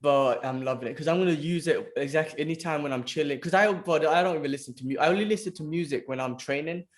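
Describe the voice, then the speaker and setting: This man talks fast in a slightly high voice while co-hosting a casual podcast with a friend. His stories come out animated, he curses without a second thought, and "bro" turns up every few lines.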